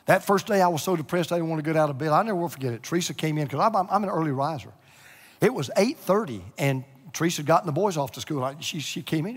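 A middle-aged male pastor preaching a sermon, moving between hushed, near-whispered lines and loud, emotional passages. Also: on the high side, animated, fast talker, slightly rough. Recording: echoey hall with long reverb.

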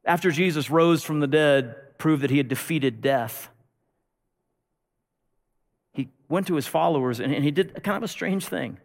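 A male pastor preaching a sermon with animated storytelling that swings between loud and hushed. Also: fairly high pitch, normal speed, pauses often, in a large hall.

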